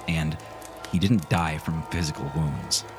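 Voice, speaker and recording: Man, very low voice, game master, calm descriptive narration, music underneath. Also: a little slow. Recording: music bed behind.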